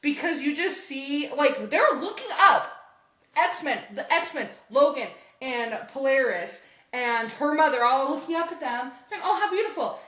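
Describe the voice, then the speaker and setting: A woman co-hosting a podcast, recapping a comic in casual chat, animated, swearing freely and laughing often. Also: high voice, unhurried, echoey room. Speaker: podcast co-host.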